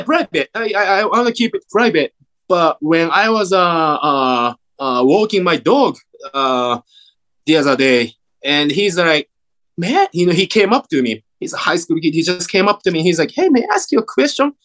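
A man in his forties from Japan with a Japanese accent, an actor chatting as an interview guest and acting out the voices in his stories. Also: high voice. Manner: animated storyteller, acts out quoted voices, many fillers. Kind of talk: casual interview chat.

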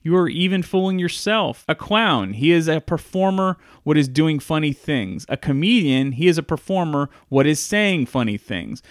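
A man's voice: on the high side, animated, normal speed, few pauses, dry recording, studio quality, close to an everyday voice. A man putting on a blunt German director. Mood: teasing. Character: older German film director, blunt and teasing.

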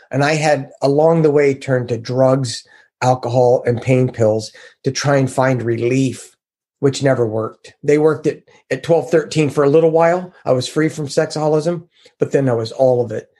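Casting note: middle-aged man, mid-pitched, earnest and confessional, giving a personal testimony. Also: normal speed. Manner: earnest, confessional, quotes others in lively voices. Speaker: recovery group member sharing his story.

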